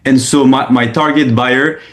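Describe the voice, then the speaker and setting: A man real estate agent reporting on a group video call, speaking haltingly with many restarts. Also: medium pitch, fairly even intonation.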